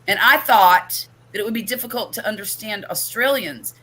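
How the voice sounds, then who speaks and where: An older woman hosting a casual chat, expressive and chatty. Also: medium pitch, normal speed. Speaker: host.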